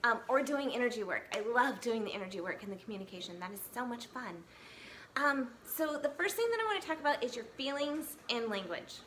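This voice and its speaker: Woman, 30s, earnest chatty vlogger, slightly high pitch, faint room hiss. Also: animated, brisk, a bit bright. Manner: earnest, chatty, many fillers and restarts. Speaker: equine massage therapist vlogger. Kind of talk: casual talk to camera. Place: home, California. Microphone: camera mic.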